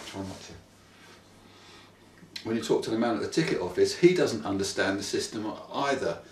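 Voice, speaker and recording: A man's voice: fairly low pitch, animated, brisk, long pauses, a little hiss or hum. A man co-hosting a casual comic chat, prompting his partner and breaking into wry, theatrical rants. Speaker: co-host. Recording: roomy echo, distant mic.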